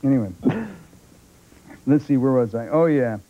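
An older man, a movie actor, relates anecdotes to a talk show audience in a medium-pitched voice at normal speed. Animated throughout, he acts out the voices of the people in his stories, and the broadcast tape sounds lo-fi and dull.

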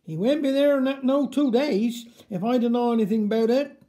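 Man reading as bossy village mum, brisk, mellow tone. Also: on the high side, lightly acted. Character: bossy determined village mother.

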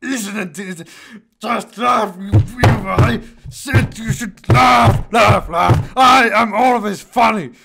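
A man voicing a young male hero in a shrill, high-pitched, boastful voice. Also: huge pitch swings, drawn-out words, background noise, heavily acted. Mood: demanding. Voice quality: squeaky, shouting.

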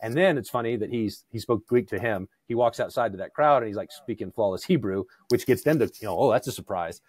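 A man talking as a podcast guest in a conversational theological discussion, animated, acting out quoted voices with frequent restarts. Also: lowish voice, brisk, husky, no echo.

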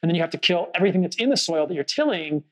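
A man with a fairly high voice hosts a relaxed podcast chat in person. He speaks earnestly and reflectively, winding through a story with plenty of "like" and "you know". His voice sits a touch above the usual male range. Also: very fast, poor audio. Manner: earnest, thoughtful, storytelling with many fillers. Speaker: podcast host. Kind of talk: casual conversational podcast.

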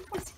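A woman's voice: high-pitched, dark tone, slight background noise. A woman talking casually to her pet rabbit in a garden, coaxing it with sing-song baby talk, recorded on a handheld phone. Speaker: pet owner.

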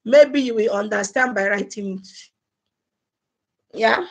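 A woman's voice: mid-range voice, slow. A woman hosting a casual live stream, chatty and laughing often as she greets viewers by name. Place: home in Germany.

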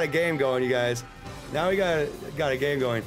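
An American man streaming a game, chatting casually in a joking, rambling way and breaking into sudden excited yelps. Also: medium pitch, quick pace, soft background music. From United States. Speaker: livestreamer. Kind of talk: casual gameplay livestream commentary.

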